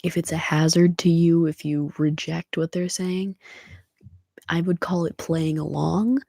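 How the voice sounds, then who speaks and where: A woman ASMR streamer talking softly on a livestream, often slipping into whispers, gently encouraging her listeners. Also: deep voice, fairly even intonation, a little slow, gravelly, dry recording. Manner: soft-spoken, slipping into whispers. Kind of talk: soft-spoken livestream chat.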